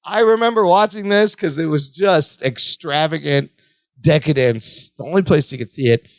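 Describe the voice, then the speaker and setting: A man's voice: normal speed, no room sound. A man co-hosting a podcast, recapping a sitcom in casual chat and acting out the characters' lines. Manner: animated, acts out characters' lines in a high voice. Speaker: podcast co-host.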